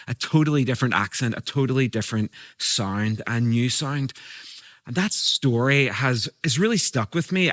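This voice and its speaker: A man from Europe, a guest preacher telling stories in a sermon, moving between brisk asides and slow, emphatic lines. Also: mid-range voice, a bit bright, no echo, clean studio sound.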